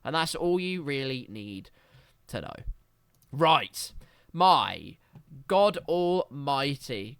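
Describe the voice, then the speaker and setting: A man commentating live on a sim racing league race, hoarse from shouting, excitable and yelling at the big moments. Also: mid-range voice, a little slow, no room sound.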